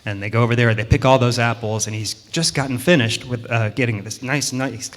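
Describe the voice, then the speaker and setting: A man's voice: medium pitch, a little fast, a bit bright. Man telling a children's story in a church. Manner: playful, chatty with the children. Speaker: storyteller at a worship service. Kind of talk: children's story told to a congregation. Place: church sanctuary. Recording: long hall reverb in a sanctuary.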